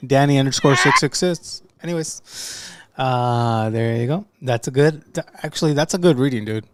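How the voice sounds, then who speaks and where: A man's voice: medium pitch, normal speed, dry recording, studio quality. Joking young man on a podcast. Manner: joking, playful teasing. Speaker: podcast co-host. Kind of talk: casual chat.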